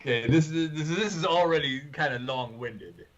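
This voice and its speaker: A man's voice: a little high, moderate pace, lo-fi sound. A man co-hosting a podcast in casual chat, repeating words as he gets his sentences going. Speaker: podcast co-host.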